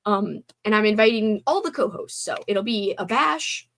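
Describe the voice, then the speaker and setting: Her voice medium-pitched, animated and a bit bright, a young woman talks at normal speed on a casual livestream. Still weary from a sleepover, she stays bubbly and giggly while responding to her chat.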